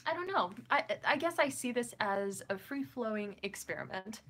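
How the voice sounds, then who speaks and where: Bright, chatty woman livestream host. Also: a little high, expressive, moderate pace. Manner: chatty, rambling, reassuring. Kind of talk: casual livestream chat.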